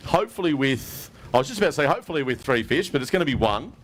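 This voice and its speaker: An Australian man emcees an outdoor fishing weigh-in as casual event commentary, chatting and joking with each angler in mate-heavy banter. His voice is a little high, animated and rapid-fire, with slight background noise.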